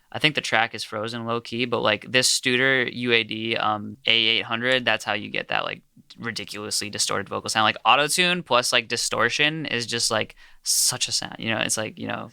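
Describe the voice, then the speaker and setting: A man's voice: medium pitch, vocal fry, bright, forceful tone, clean tone, no room sound, clean studio sound. A young man casually walking through how he produced a song, with lots of filler words. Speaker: music producer. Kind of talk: casual studio walkthrough.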